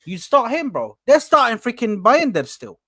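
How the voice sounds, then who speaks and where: A young man hosting a casual football podcast, rambling and animated, swearing freely. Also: extremely high pitch, normal speed, no room sound, studio quality. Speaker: podcast host.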